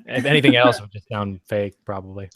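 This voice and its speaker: A laid-back man in a cast chat who pokes fun at himself. His voice is fairly low, and the sound is dry and close. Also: fairly quick, dry recording. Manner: laid-back, self-deprecating. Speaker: voice actor, cast member. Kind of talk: casual group video chat.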